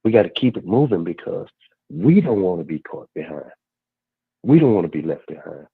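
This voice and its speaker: A man calling in to a radio talk show, speaking earnestly and haltingly, with many restarts. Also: sits low, sing-song, creaky, breathy edge, no room sound. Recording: tinny phone line.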